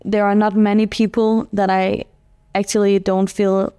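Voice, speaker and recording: A woman's voice: mid-range voice, little pitch movement, measured pace, dark tone, smooth. A young adult woman from Denmark with a Danish accent, a musician talking candidly and reflectively in an interview, often searching for words. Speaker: musician, duo member. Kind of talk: casual interview chat.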